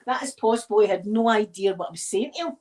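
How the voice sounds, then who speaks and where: A woman's voice: medium pitch, fast, a little mellow. A Scottish woman talks in an easy, meandering way, drifting from one story to the next. Her tone is casual, as though she is chatting while busy with her hands. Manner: rambling, digressive storytelling. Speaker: ASMR video creator. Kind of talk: casual chat while decorating a tree.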